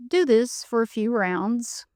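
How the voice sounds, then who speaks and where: Woman, podcast host, calm guided breathing instruction, coaching tone, crisp clear voice. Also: a little high, slow pace, no room sound, clean studio sound. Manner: calm, coaching, frequent "you know" and "okay".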